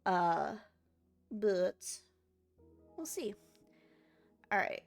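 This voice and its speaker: A woman's voice: medium pitch, sing-song, extremely slow, vocal fry, faint music behind. Sleepy chatty woman streaming a game. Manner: chatty, rambling, talks to her chat. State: sleepy, just woke up. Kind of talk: casual game-stream chat.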